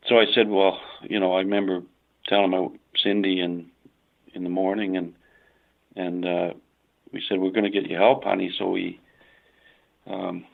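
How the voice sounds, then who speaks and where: A middle-aged man from Canada tells a personal story in conversation, halting with many fillers and restarts. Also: sits low, gravelly. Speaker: guest. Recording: tinny phone-like line.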